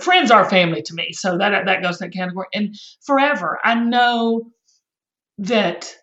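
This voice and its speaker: A woman's voice: medium pitch, a bit bright. A woman guest on a podcast, speaking earnestly and emotionally in a folksy, heartfelt way. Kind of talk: heartfelt conversational interview. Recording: echoey room, dull lo-fi sound.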